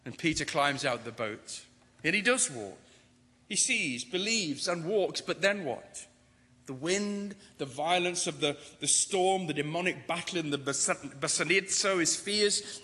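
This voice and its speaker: A man's voice: on the high side, lively intonation, a little slow, bright, forceful tone. A man preaching a sermon, dramatic and rising to emphatic declarations. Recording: long reverb of a large hall.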